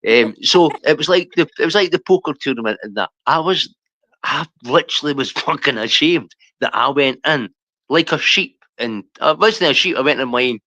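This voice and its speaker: A man's voice: a little high, expressive, normal speed, bright, forceful tone, no echo. A Scottish man chatting casually on a stream, rambling and swearing as he goes off on tangents. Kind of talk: casual chat.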